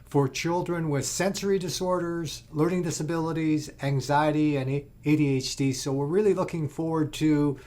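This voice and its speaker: A man's voice: on the high side, steady tone, normal speed, hardly any pauses, darkish tone. A man hosting an interview, asking questions politely and formally with brief prompts. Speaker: interview host. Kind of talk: hosted interview.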